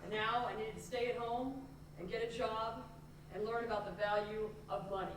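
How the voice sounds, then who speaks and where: A woman performing a comic solo theater monologue on stage, telling her story in an animated, self-mocking way. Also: a little high, normal speed. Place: theater stage before an audience. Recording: echoey live theater, distant mic, room noise.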